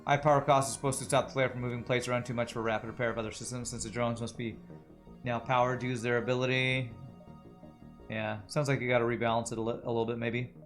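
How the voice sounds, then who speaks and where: A man's voice: mid-range voice, level tone, quick pace, soft background music. A man streaming a video game, musing aloud and chatting with his viewers. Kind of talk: casual gameplay commentary.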